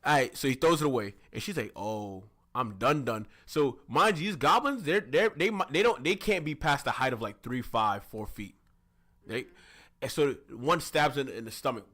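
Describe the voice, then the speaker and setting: Animated man recapping an episode. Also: on the high side, moderate pace. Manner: animated storyteller acting out scenes with silly voices. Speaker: podcast co-host. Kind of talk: casual chat recapping an anime episode.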